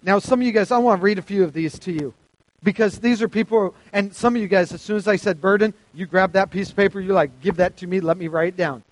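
Quick and high-pitched, this youth pastor preaches to teenagers in a dry recording. His casual sermon is chatty, with quotes acted out and questions thrown to the listeners.

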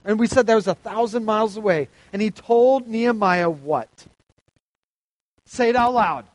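Here a man preaches a laid-back youth sermon to teens, his voice high-pitched and his pace moderate, with no echo. He's a chatty youth pastor who performs the quotes he cites and fires questions at his audience.

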